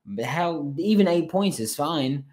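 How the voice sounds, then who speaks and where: A man hosting a sports podcast late at night, talking casually, animated and frank, with some swearing. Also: on the high side, measured pace.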